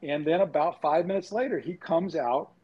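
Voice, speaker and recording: This man's voice is fairly high with a breathy edge, at a normal speed, on dull lo-fi audio. He's a New Yorker and former sportswriter, sitting on a casual podcast panel and telling stories with lively acted-out voices.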